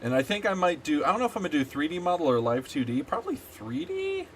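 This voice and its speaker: A man's voice: fairly high pitch, animated, racing, fairly bright tone, a little hiss or hum. A man streaming a game, chatting casually and ranting animatedly with plenty of swearing. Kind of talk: casual gaming stream chat.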